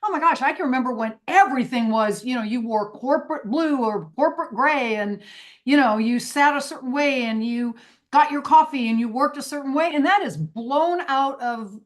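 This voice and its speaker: Woman cohost, higher voice, all excited and agreeing, chatty. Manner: enthusiastic, quick agreeing responses. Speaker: podcast co-host. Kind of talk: casual chat.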